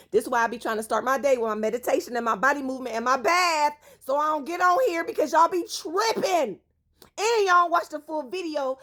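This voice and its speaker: A young woman telling a story to her followers in a casual, slangy, animated way, with swearing and dramatic emphasis. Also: sits high. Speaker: relationship advice vlogger.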